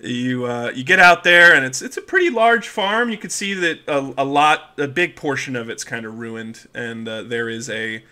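A man's voice: mid-range voice, animated, normal speed, hardly any pauses, bright, forceful tone, clean tone. A man narrating as game master of a tabletop game, rambling and laughing with many restarts.

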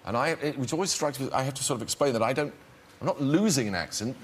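A man's voice: mid-range voice, expressive, fast. A man with an English accent, an actor and talk show guest, telling a wry, self-deprecating anecdote with many restarts. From England. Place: TV studio with live audience. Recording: loud studio audience laughter and noise.

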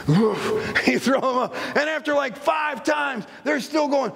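A man's voice: very high-pitched, unhurried, creaky, hardly any pauses, a bit bright, long reverb tail. A man who is a pastor preaching a sermon in a church sanctuary, telling stories and acting out little scenes as he goes.

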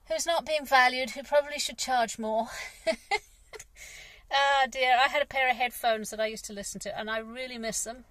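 A woman's voice: a little high, fairly bright tone. A middle-aged English woman and gardener, talking in a frank, rambling personal vlog with sighs and the odd swear word. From England. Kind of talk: casual personal vlog monologue.

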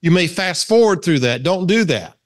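A man's voice: sits high, animated, moderate pace. A man with a Southern American accent teaching a men's Bible study in a casual, conversational way, asking his listeners questions and reading scripture aloud. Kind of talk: casual sermon to a men's group.

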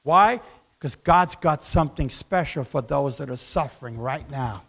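A man preaching a sermon as pastor in a church, swinging between loud outbursts and hushed asides and acting out voices in quoted dialogue. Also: medium pitch, normal speed, creaky, husky.

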